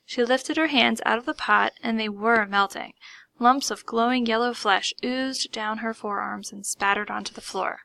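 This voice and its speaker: A woman reading a first-person story aloud in a lively, expressive comic manner. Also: medium pitch, moderate pace, creaky, no echo. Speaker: audiobook reader.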